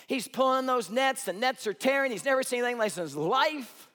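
A middle-aged man preaching a sermon as a pastor, telling the story with humor and swinging between loud, animated stretches and hushed ones. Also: very high voice, a little fast, long reverb tail.

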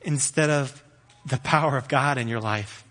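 A man preaching a sermon with energy, rising loud and high when animated. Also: normal speed, in a large hall. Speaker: pastor.

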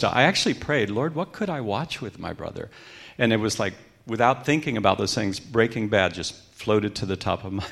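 A middle-aged man speaks in a low register with a gravelly edge. He tells a personal story as a guest speaker. His delivery is reflective, and his voice grows hushed when he repeats what others said. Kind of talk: personal testimony talk.

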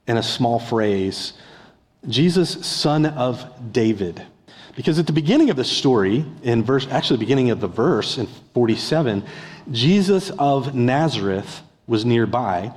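A middle-aged man delivers a conversational sermon, checking in with his listeners through rhetorical questions. His voice sits at an ordinary mid pitch. It carries the long reverb of a large church hall. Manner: conversational preaching with rhetorical questions, acts out a beggar's yelling. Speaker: discipleship pastor.

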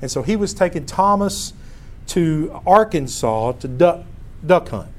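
A man teaching a Bible class, with a slightly high voice. He tells stories in a lively, animated way, often stopping mid-phrase to start again while he talks through his slides. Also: a little slow. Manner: storytelling, animated, self-interrupting. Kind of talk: casual Bible lesson with slides.

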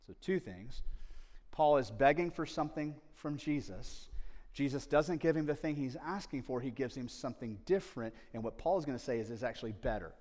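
A male pastor giving a conversational sermon, his voice swinging from quiet asides to loud, emphatic peaks. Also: mid-range voice, fairly quick, big-room sound.

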